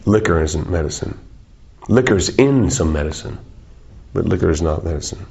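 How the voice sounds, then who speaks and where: Husky low-voiced man, rambling and playful. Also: expressive, moderate pace, a little mellow, lo-fi sound. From South Africa. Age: 40s. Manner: rambling, playful, jokey, swears freely. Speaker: interviewee. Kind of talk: casual interview chat.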